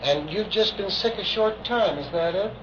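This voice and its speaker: A man leading a hypnotic age regression session, asking calm, coaxing, leading questions. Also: high voice, normal speed. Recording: dull archival recording with hiss.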